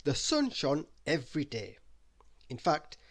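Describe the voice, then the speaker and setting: A man reading a bedtime story aloud in an expressive, lively way. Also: on the high side, unhurried.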